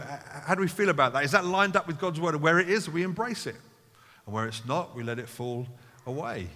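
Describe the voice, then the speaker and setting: A man's voice: on the high side, pushed and bright, long reverb tail. A man preaching a sermon to his church, earnest and building to emphatic calls. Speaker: pastor. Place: church hall.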